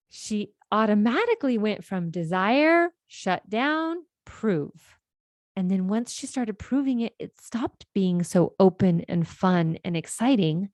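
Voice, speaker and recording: Woman, life coach, podcast monologue, earnest, conversational, mellow voice. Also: mid-range voice, lively intonation, unhurried, no echo. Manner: earnest, explanatory, often adds "right?" tags.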